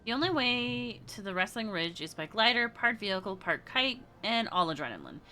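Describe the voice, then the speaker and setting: A woman streaming a story game, reading its text aloud and reacting with gasps and quick asides. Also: mid-range voice, big pitch swings, sharp tone, slight background noise.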